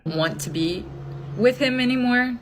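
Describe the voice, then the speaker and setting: A woman's voice: on the high side, lively intonation, unhurried, slight background noise, low-quality recording. A woman speaking to camera in a vlog, hesitant and searching for words. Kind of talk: vlog confession.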